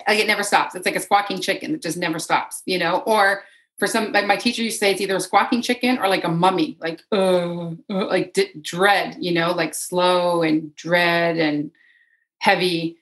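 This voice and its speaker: A woman's voice: lowish voice, fairly even intonation, moderate pace, fairly bright tone, low-quality recording. A woman, a podcast guest and energy healer, speaking in a flowing way and often repeating her phrases. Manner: flowing, repeats phrases, voices inner thoughts in quotes. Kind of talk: casual podcast interview.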